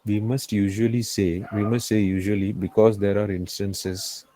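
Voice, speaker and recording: A man's voice: lowish voice, level tone, normal speed, dark tone, dry recording, poor audio. A man with an Indian English accent teaching a finance class, repeating key phrases and often checking that the students follow. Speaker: finance tutor. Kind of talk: live classroom lecture.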